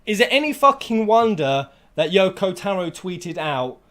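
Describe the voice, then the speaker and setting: A man's voice: high voice, very animated, moderate pace. Sweary, heated man ranting. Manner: heated and sweary, with bursts of shouting. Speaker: gaming vlogger. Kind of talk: angry rant to camera.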